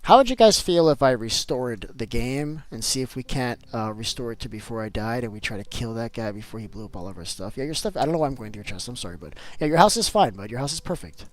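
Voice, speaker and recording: A man's voice: medium pitch, animated, fast talker, hardly any pauses. A man chatting casually with viewers on a live game stream, answering chat and repeating himself as he talks.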